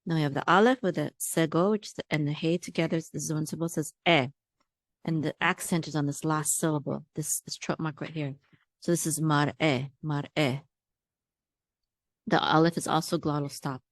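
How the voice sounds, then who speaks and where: A woman's voice: sits low, fairly even intonation, brisk, dry recording, studio quality. A woman teaching a language lesson, spelling words out syllable by syllable and patiently repeating each sound. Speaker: Hebrew teacher. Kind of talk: word-by-word reading lesson.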